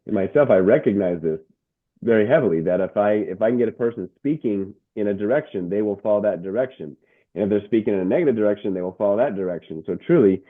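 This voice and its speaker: Guest: middle-aged male coach, lowish voice, tinny phone-line sound, animated, trips over repeats. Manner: animated, stumbling restarts and word repeats. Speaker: guest, motivational speaker and coach. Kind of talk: casual interview storytelling.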